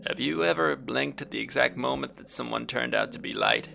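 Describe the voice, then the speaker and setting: A man voicing a calm, wise female friend, reading game dialogue in a reflective, gently persuasive way. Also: mid-range voice, brisk, vocal fry, background noise.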